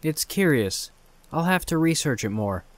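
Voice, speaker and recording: A man voicing an excitable teenage boy inventor who rambles and boasts, raising his voice to play him. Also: a little high, moderate pace, dry recording, pitched above the performer's own voice. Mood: puzzled.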